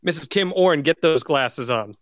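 A man's voice: a little high, expressive, moderate pace, fairly bright tone, no echo, clean studio sound. A man hosting a casual podcast chat, running its segments in an upbeat, game-show way. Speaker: podcast host.

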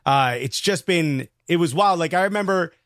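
A man with a New York accent, a comedian co-hosting a podcast and telling an excited, slangy story in casual chat. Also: a little high, normal speed, dry recording, clean studio sound.

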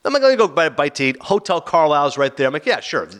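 A man on a podcast telling a long anecdote in casual chat, acting out the quoted lines and stammering through quick restarts. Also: fairly high pitch. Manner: animated anecdote teller, acts out his own and others' quoted lines.

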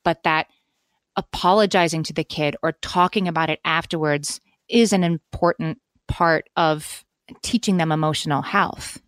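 A woman in her forties with a slightly low voice co-hosts a podcast, thinking aloud in earnest, casual chat. Her sentences often restart mid-thought. The sound is close and dry, with no room around her. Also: moderate pace, no room sound. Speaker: podcast co-host.

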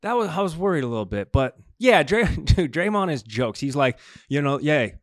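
A man co-hosting a casual sports talk show, animated and laughing, given to mocking impressions. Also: on the high side, a little fast, no room sound, clean studio sound. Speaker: co-host.

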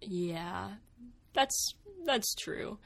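A young adult woman co-hosting a casual talk show, working on her thesis, chatty and quick to laugh. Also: on the low side, lively intonation, creaky, fairly bright tone. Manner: chatty, uses many fillers, laughs often. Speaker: co-host. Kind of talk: casual chat.

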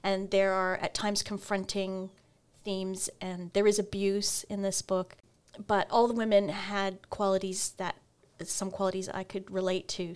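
A woman's voice: mid-range voice, a little slow, hardly any pauses, clean tone. A woman co-hosting a podcast, casually reviewing books and giggling between points. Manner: giggly, lively. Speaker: podcast co-host. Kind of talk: casual book chat.

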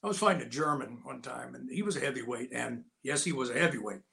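An older man, a guest, telling lively personal stories in casual talk and acting out the voices of people in them. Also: mid-range voice, quick pace, creaky. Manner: lively anecdotal, acts out quotes. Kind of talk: casual storytelling.

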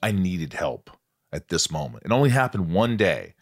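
A man hosting a podcast, talking in a casual, animated way with lots of swearing and self-deprecating stories. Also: low-pitched, moderate pace. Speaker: podcast host. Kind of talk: casual chat.

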